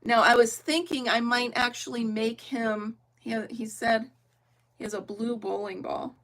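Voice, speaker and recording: A woman's voice: fairly high pitch, fairly even intonation, measured pace, fairly bright tone. A middle-aged woman chatting casually and laughing often as she crafts on a livestream, thinking aloud and talking to her viewers. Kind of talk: casual chat while crafting.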